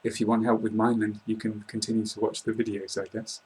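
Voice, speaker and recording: British host, husky, fairly flat delivery, easygoing. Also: male voice, lowish voice, a little fast, rough recording. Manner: easygoing, lightly joking. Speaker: host, English teacher. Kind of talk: casual interview chat.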